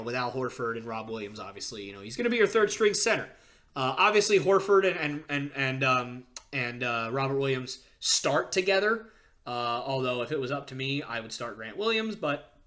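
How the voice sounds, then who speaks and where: A podcast host talks basketball with a fan's excitement, his voice sitting a bit high for a man. The tone is bright and forceful, and he often stammers and restarts mid-sentence before pushing on. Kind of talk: casual sports podcast monologue.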